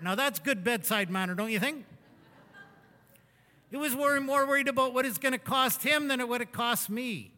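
Man, high bright voice, folksy rambling sermon storyteller, long hall reverb. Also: moderate pace. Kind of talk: anecdotal sermon talk.

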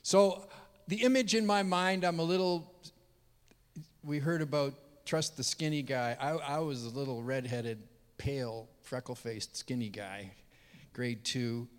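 A male pastor telling a story from the pulpit, earnest and heartfelt. His voice sits at an ordinary middle pitch, but it drops to a hush and then climbs loud and high at the emotional peaks. A long hall reverb trails every phrase. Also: fairly even intonation, measured pace, smooth. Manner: earnest, swings from hushed to loud and high when moved. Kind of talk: sermon storytelling.

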